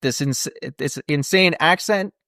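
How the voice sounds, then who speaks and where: Animated man chatting about a movie. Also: on the high side, a little slow, no room sound, clean studio sound. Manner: animated, laughs while recounting scenes. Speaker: podcast co-host. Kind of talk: casual movie review chat.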